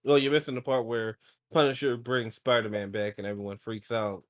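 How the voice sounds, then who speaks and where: A man's voice: mid-range voice, level tone, a little fast. A man co-hosting a casual chat, making sarcastic, wry remarks. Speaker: podcast co-host.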